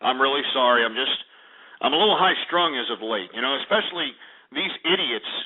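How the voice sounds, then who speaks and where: A man's voice: mid-range voice, lively intonation, brisk. Ranting male talk radio host. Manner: combative, insulting, flips between yelling and sighing apologies. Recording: narrow phone-like radio audio.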